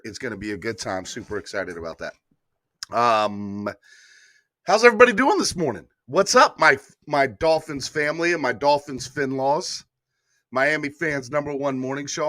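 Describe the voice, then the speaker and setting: A man's voice: mid-range voice, sharp tone, dry recording, studio quality. Hyped man hosting a live morning show. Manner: hyped, repetitive calls to like and subscribe. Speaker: sports podcast host.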